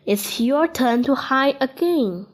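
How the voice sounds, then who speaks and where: A woman voicing an eager, excitable young boy in a children's storybook read-aloud, calling out in a raised voice. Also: slow, full character voice. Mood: playful. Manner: calls out with raised pitch.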